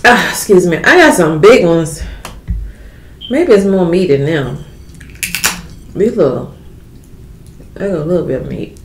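In an echoey room with faint noise, a mukbang vlogger munches and hums between casual comments to viewers she calls "y'all." Her fairly low voice is animated yet unhurried, and she pauses often.

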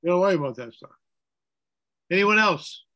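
A priest leads an informal Bible study in a bright, high voice. He is animated, slipping into chanted liturgical phrases and putting questions to the group. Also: moderate pace.

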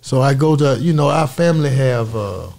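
A man's voice: medium pitch, normal speed, gravelly. A man as an interview guest, telling stories in casual talk and acting out quotes in other voices. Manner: animated storyteller, acts out quotes in voices.

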